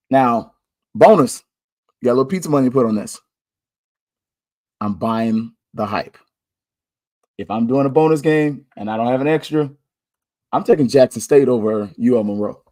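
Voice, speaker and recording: A man's voice: mid-range voice, a little mellow. A man hosting a podcast, casually running through his game picks in a loose, slangy way and thinking aloud. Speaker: podcast host. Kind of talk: casual sports picks chat. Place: Orlando.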